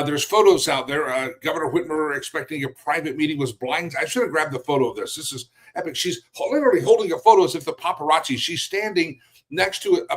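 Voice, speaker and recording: A man's voice: fairly high pitch, a bit bright, rough recording. A man hosting a daily news show, giving blunt, mocking opinion commentary with chuckles between remarks.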